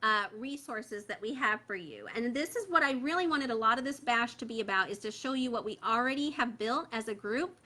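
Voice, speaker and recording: Woman host, casual livestream chat, close phone mic, bright and slightly high, filler-heavy. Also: lively intonation, a little fast, hardly any pauses. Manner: chatty, many fillers, reads viewer comments aloud. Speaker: host of a parent membership group. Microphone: phone held close.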